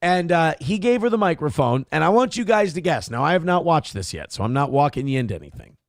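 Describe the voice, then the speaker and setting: Middle-aged male host, sarcastic and crude, gravelly, lively delivery. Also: a little high, fast talker, no room sound, clean studio sound. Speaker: morning show host. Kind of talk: casual live-stream commentary.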